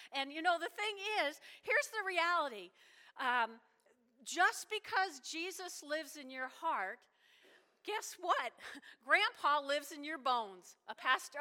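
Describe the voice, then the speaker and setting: Bright-voiced woman pastor preaching. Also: sits high. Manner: animated storytelling with asides to the congregation. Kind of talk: sermon. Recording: hall reverb.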